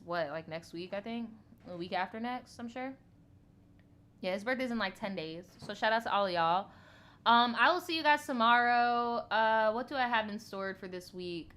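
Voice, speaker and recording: A woman's voice: medium pitch, sharp tone, smooth. A woman hosting a storytime video, reading viewer stories aloud and chatting bluntly to her viewers, with plenty of swearing. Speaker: storytime host.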